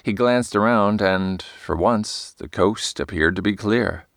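A man narrating an audiobook in a measured storytelling manner. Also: on the low side, fairly bright tone, dry recording, clean studio sound. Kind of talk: scripted narration.

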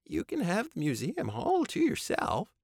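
A man's voice: high voice, wildly swooping pitch, measured pace, a little mellow, husky, no room sound, pitched above the performer's own voice, heavily acted. A nervous, apologetic young woman who stammers as she tries to keep the peace, as a male audiobook narrator puts her on. The voice sits well above his own register and is read on a dry, close recording. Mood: placating. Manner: stammering, placating. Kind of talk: audiobook character voice.

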